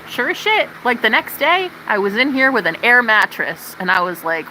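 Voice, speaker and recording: A woman's voice: a little high, moderate pace, hardly any pauses, slight background noise, poor audio. Brash, profane woman livestreamer. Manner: profane, animated ranting to chat. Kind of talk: casual livestream chat.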